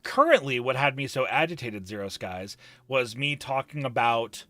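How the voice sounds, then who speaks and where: A man's voice: medium pitch, very animated, normal speed, bright, forceful tone, no echo. A man chatting on a live stream, emphatic and profane, ranting and reading chat messages aloud.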